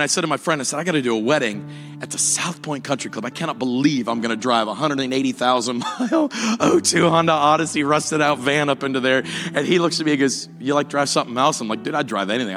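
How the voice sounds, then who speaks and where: A man's voice: mid-range voice, pushed and bright, big-room sound. A man preaching a sermon, telling a joking story that builds into fervent preaching. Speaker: pastor.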